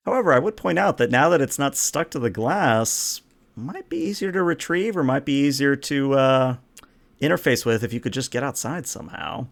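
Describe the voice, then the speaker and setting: A man running a tabletop role-playing game as game master, narrating scenes and steering the players with relaxed fillers. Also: mid-range voice, moderate pace, creaky.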